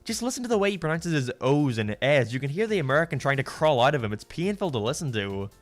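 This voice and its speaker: A man rants through a cartoon review with biting sarcasm and frequent swearing. His voice sits somewhat high and leaps around with animated exasperation. Soft music plays faintly underneath. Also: quick pace. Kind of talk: ranting review commentary.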